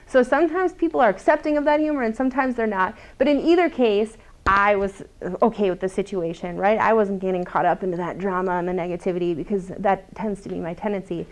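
Woman, 30s, workshop presenter, chatty and lively, fairly high voice, laughs a lot. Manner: chatty, animated, laughs often. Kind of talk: lunch-and-learn talk to a small group.

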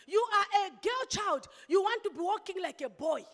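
A woman pastor delivering an impassioned sermon, with sudden loud outbursts. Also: extremely high pitch, animated, normal speed. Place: church hall. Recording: long hall reverb.

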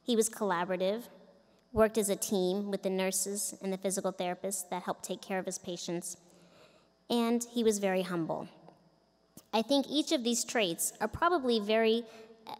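A woman's voice: mid-range voice, normal speed, a little mellow. A middle-aged woman giving a commencement speech, telling a personal story earnestly from a podium microphone in a large indoor arena. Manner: earnest, storytelling with quoted voices. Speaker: commencement speaker. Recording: echoey arena from a distance.

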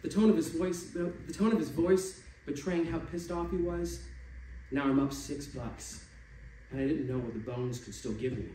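A man reading stories aloud at a live stage event, expressive and shifting voices for the figures. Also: fairly high pitch, normal speed. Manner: expressive, changes voice for quoted figures. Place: stage venue. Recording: echoey room from a distance, faint noise.

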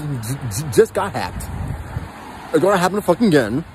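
Profane, animated man ranting outdoors. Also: on the high side, moderate pace, long pauses, a little hiss or hum, low-quality recording. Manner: swears constantly, repeats himself, laughs between lines. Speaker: astrology and crypto vlogger. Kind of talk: excited profane rant.

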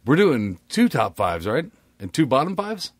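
A man's voice: mid-range voice, sing-song, moderate pace, dry recording. A man co-hosting a casual podcast, teasing his partner with a drawl. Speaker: podcast co-host. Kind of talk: casual chat.

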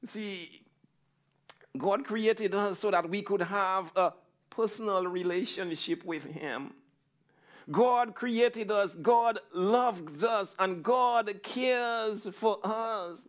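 A man's voice: high voice, takes it slowly. A male pastor preaching a fervent sermon, rising into repeated pleading cries.

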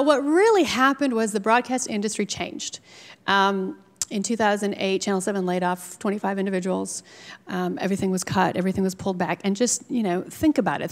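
A woman in her forties from Minnesota, a TV news anchor telling her personal story to a live audience, lively with asides. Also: mid-range voice. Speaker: TV news anchor speaking at a startup event. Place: event venue. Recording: live talk with long hall reverb.

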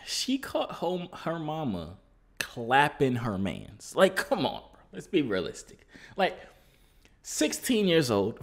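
A young man hosting a reaction video in casual, slangy talk, breaking into loud exclamations. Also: medium pitch.

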